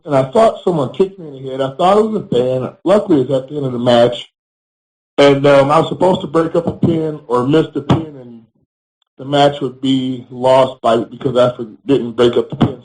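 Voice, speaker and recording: A man, a former pro wrestler, giving a candid interview. He speaks bluntly, swears freely, and pauses often on fillers. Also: medium pitch, darkish tone, rough recording. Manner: frequent fillers and restarts. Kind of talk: candid storytelling.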